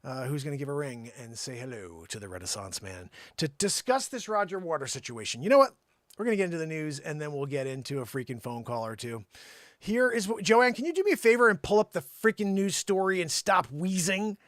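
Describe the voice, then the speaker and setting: A man's voice: a little high, big pitch swings, fairly quick, no echo, studio quality. A man hosting a call-in comedy livestream, rambling and teasing an off-screen helper. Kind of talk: joking livestream banter.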